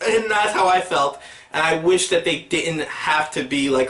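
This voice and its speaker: A man's voice: on the high side, a little fast, pushed and bright, reverberant, recorded from a distance. A man giving a casual movie review for his channel, rambling and hesitant, with many fillers and restarts.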